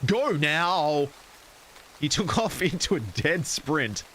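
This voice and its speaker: A man's voice: fairly high pitch, sing-song, measured pace, a bit bright, a little hiss or hum, low-quality recording. A man streaming, casually reading a horror story aloud and cracking jokes to chat. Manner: casual, wisecracking asides to chat.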